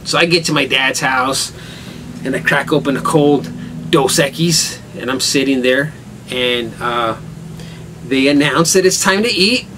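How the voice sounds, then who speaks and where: A man's voice: medium pitch, unhurried, recorded from a distance, background noise. A man telling a rambling story at home in a casual vlog, with rain falling outside. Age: adult father with a son. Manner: rambling, laughs hard at his own story. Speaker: vlogger.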